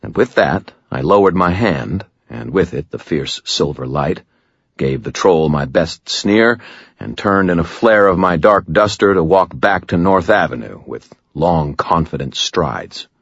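Deep, husky male audiobook narrator. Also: lively intonation, unhurried, no echo, muffled recording. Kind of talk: first-person scripted narration.

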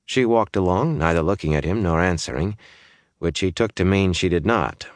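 A man reading a fantasy novel aloud as an audiobook narrator, in a measured, even way. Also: deep voice, no room sound, studio quality. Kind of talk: scripted narration.

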